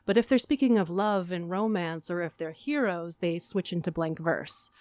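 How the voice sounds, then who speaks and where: A woman from Arizona chatting as a guest in a radio interview, upbeat and quick to laugh at herself. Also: fairly low pitch, a little mellow, dry recording. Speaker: guest, stage actor. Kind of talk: casual interview chat.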